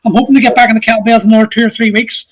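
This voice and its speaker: A man's voice: sits high, level tone, very fast. A man in his forties, the podcast host, chatting casually and candidly, swearing freely and laughing often. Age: 40s. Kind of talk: casual chat.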